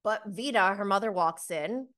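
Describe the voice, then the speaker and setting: A woman's voice: mid-range voice, normal speed, a bit bright. A woman hosting a casual episode review of a reality show, chatty and gossipy, laughing often as she talks. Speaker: reality TV recap host.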